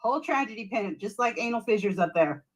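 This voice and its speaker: A woman's voice: mid-range voice, lively intonation, fast talker, slightly rough. A woman on a livestream panel, giggling as she throws crude insults in casual chat.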